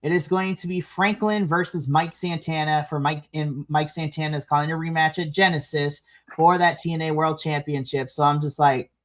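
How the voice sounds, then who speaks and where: A podcast co-host reviewing a wrestling show in casual chat, animated, with big swings in pitch and frequent laughs. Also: normal speed.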